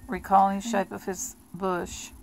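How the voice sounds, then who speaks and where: A woman reading a novel aloud in a plain, steady amateur style with small restarts. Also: mid-range voice, moderate pace, creaky, slight background noise, poor audio. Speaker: audiobook reader.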